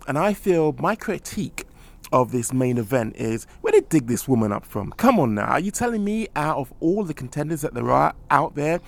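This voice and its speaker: A man co-hosting a podcast in a relaxed, jovial manner. His voice sits at an ordinary middle pitch. He quizzes and teases his co-host as they talk. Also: creaky. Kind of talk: casual podcast chat.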